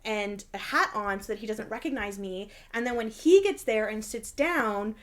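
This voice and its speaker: A woman's voice: mid-range voice, normal speed. A woman in her thirties, co-hosting a casual chat and telling a story, acting out the voices in it. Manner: animated storyteller acting out quotes. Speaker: podcast co-host.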